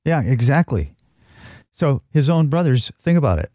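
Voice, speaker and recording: A man's voice: mid-range voice, sing-song, moderate pace, dark tone, dry recording, studio quality. A man co-hosting a Christian talk show, teaching from the Bible in an earnest, reflective way with frequent restarts. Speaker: christian podcast co-host.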